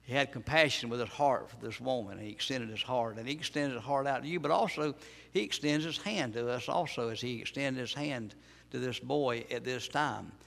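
Gravelly male preacher in an echoing church. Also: mid-range voice, moderate pace, fairly bright tone. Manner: repetitive, emphatic preaching with rhetorical questions. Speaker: pastor. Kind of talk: sermon.

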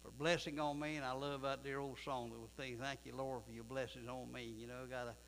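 A man's voice: medium pitch, little pitch movement, brisk, creaky, a bit bright. A man, a pastor preaching a sermon in a church, folksy in manner and building to emphatic preaching. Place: church sanctuary. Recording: distant reverberant room with mains hum.

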